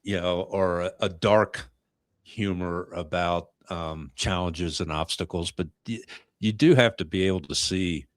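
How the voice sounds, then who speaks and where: Deep-voiced man talking reflectively, dry sound. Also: no echo. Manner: reflective, halting, many restarts. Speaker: podcast host. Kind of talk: casual chat.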